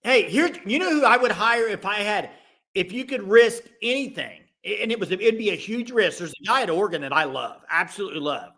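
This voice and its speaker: A man hosting a casual sports podcast with live call-ins, talking in animated bursts with quick restarts. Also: high voice.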